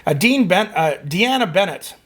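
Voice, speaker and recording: Here a middle-aged man from Canada hosts a music reaction channel, loosely chatting through viewer comments with plenty of rambling and fillers. His high-pitched voice is animated and a bit bright, at normal speed.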